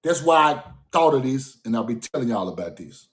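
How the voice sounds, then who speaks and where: On a livestream, a man riffs off the cuff with a medium-pitched, sing-song voice at a slightly quick pace. He's emphatic, repeats himself, and keeps breaking into laughter in a casual monologue. The room is echoey, and it sounds captured on a phone or streaming mic.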